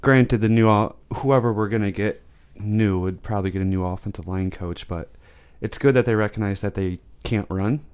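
A man's voice: fairly low pitch, normal speed, a little mellow, smooth. A man co-hosting a casual podcast, asking questions and talking sports in a dry, easy way. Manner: dry, asks questions, talks sports stats. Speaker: podcast co-host. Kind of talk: casual chat.

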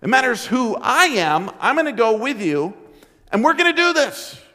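A man's voice: extremely high pitch, big pitch swings, normal speed, bright, forceful tone, voice pushed up, full character voice. A male pastor acting out a firm, reassuring divine voice that speaks emphatically and insistently, in a reverberant hall. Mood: assuring.

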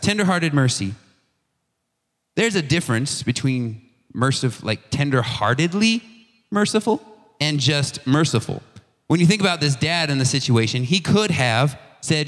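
A young man giving a casual youth sermon, telling a story in a conversational, animated way with slang and restarts. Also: medium pitch. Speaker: youth pastor. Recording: long hall reverb.

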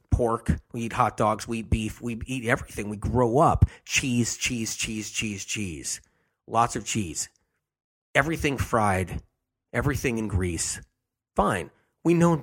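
A man with a husky, slightly rough voice hosts a health show. He talks with emphasis and hammers the same phrases again and again to drive his points home. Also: medium pitch. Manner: emphatic, repeats key phrases over and over.

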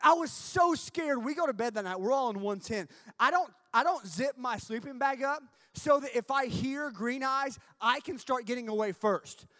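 Male youth camp speaker, high-pitched, comic storytelling sermon, dead-dry sound. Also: moderate pace, few pauses, dry recording. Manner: animated, jokey storytelling with shouted punchlines.

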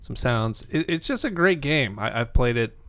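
A man's voice: mid-range voice, animated, moderate pace, fairly bright tone, no echo. A man co-hosting a gaming podcast in casual chat, dropping short teasing quips between the others. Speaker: podcast co-host.

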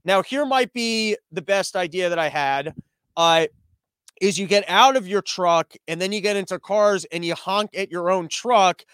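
A man's voice: high-pitched, measured pace, a bit bright, smooth, no room sound. A man hosting a comedy podcast, riffing sarcastically on the news with stammered restarts. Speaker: podcast host. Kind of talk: comedic commentary on a livestreamed podcast. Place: small room that is not soundproofed.

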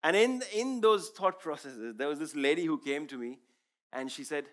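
Earnest preacher, native Urdu speaker. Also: male voice, fairly high pitch, animated, moderate pace, a bit bright. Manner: earnest, emphatic storytelling. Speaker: preacher sharing testimony. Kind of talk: sermon testimony.

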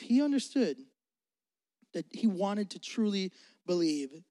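Male pastor, high voice, energetic joking sermon, long hall reverb. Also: a little slow.

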